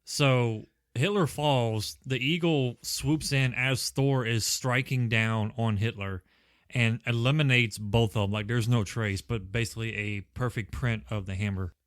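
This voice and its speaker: A man's voice: mid-range voice, steady tone, a little slow, dry recording, clean studio sound. Mid-voiced man retelling a movie plot. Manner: plot-narrating, swears casually, mimics characters' lines. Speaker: podcast co-host. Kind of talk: casual movie recap chat.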